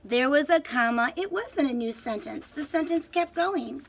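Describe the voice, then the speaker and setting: A woman's voice: high voice, expressive, normal speed, few pauses, a little hiss or hum. A woman teacher reading a picture book aloud to children, stopping to explain words and ask questions.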